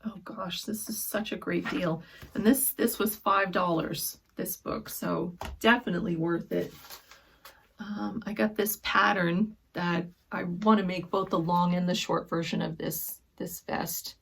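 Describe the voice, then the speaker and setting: Slow, gravelly-voiced woman gushing softly. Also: lowish voice, steady tone, a little hiss or hum. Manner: gushing, soft-spoken, often drops to a whisper over fabrics. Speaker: sewing vlogger. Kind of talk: casual haul chat.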